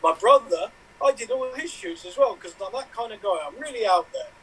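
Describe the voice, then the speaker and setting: A man's voice: very high voice, lively intonation, a little fast, fairly bright tone, husky, low-quality recording. A man improvising a comic monologue on a video call, playful and mock-boastful. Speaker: improv performer.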